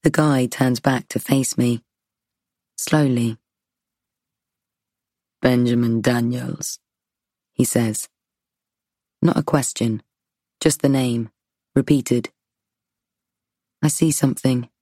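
A woman's voice: a bass voice, slow, pauses often, mellow, no echo, clean studio sound. A woman reading a first-person story, her inner monologue tense and wry. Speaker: audiobook narrator. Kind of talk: first-person scripted narration.

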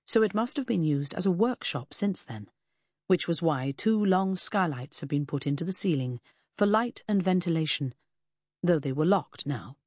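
A woman narrating a novel in the first person, in a measured reading that slows on grim details. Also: fairly low pitch, animated, a little mellow, no echo, studio quality. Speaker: audiobook narrator.

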